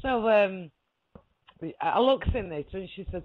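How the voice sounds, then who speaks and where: A woman's voice: medium pitch, expressive, unhurried. Rambling woman telling a dream. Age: 40s. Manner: rambling, laughs often, checks listener understands. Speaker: guest. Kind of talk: casual storytelling. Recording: lo-fi audio.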